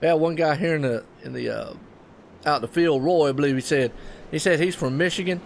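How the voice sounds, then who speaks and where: A man from North Carolina with a Southern US accent, calling a live race in a chatty, excitable play-by-play that keeps turning to folksy asides to viewers. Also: fairly high pitch, brisk, vocal fry, a little hiss or hum. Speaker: race commentator.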